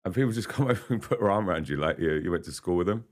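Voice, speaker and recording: A man with a deep voice races through his words in an animated way. As a singer-songwriter guest on a podcast, he keeps the studio chat casual, rambling and laughing often.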